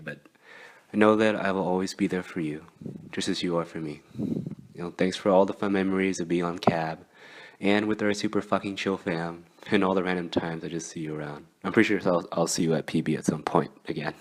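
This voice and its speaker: A young man giving a relaxed, soft-spoken farewell message to a friend. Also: low voice. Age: young adult. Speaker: student club member.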